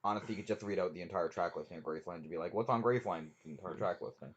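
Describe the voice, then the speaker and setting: A man's voice: low-pitched, steady tone, very fast, slightly rough. A man co-hosting a casual podcast chat, teasing his friend with profane banter. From Newfoundland, Canada. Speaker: podcast co-host. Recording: dull lo-fi sound.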